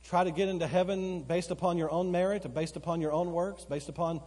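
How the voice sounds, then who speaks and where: A male pastor preaching a sermon, swinging between loud emphatic outbursts and slow, quiet, earnest stretches, repeating phrases for emphasis. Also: high-pitched, fairly even intonation. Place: church sanctuary. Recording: long church hall reverb. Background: occasional congregation responses.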